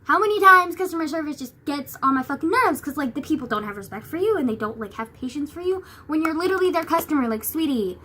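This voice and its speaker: High bright-voiced young woman vlogger. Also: lively intonation, fast, few pauses. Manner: rambling, filler-heavy, swears a lot. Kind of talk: casual chat.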